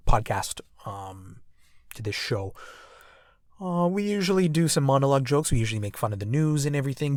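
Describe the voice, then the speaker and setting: A male podcast host rambles through his opening with a steady stream of "um"s and "uh"s. He runs down his own show as he goes. His voice sits at an ordinary pitch and sounds dry and close to the mic. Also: no room sound. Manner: rambling and self-deprecating, with many fillers. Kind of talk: casual comedy podcast monologue.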